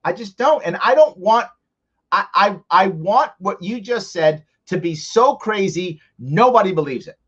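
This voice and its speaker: A man's voice: high voice, lively intonation, a little slow, slightly rough. A man hosting a live ask-me-anything stream, arguing his points in a conversational way and working through examples. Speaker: host answering live viewer questions. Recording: slightly dull lo-fi stream audio.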